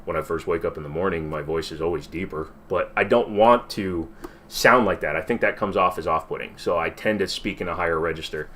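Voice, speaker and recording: A man's voice: low voice, fairly quick, a bit bright, a little hiss or hum. A man hosting a casual livestream Q&A, rambling and swearing as he reacts to viewer comments. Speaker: livestream host.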